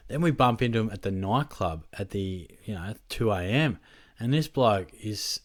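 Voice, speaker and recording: A man's voice: medium pitch, no echo, clean studio sound. A young Australian man chatting casually to his viewers, rambling through a story and laughing mid-sentence. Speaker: fantasy football channel host. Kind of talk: casual chat to camera.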